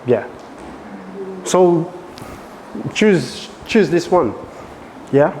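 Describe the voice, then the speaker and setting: French-accented male dance coach, lively workshop teaching, reverberant room. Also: fairly high pitch, very slow, a little hiss or hum. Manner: animated, asks frequent check questions.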